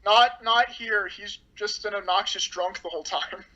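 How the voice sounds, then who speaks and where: A woman's voice: mid-range voice, normal speed, bright, forceful tone, dull audio. A woman reviewing a movie in casual chat, blunt and sarcastic, with lots of "like".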